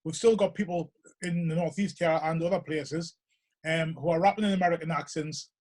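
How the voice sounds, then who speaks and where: A man's voice: a little high, fairly even intonation, a little fast, a little mellow. A man with a Geordie accent hosting a casual interview, rambling and restarting his sentences as he talks things through. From North East England. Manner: rambling, hesitant, full of restarts and "you know". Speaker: podcast host.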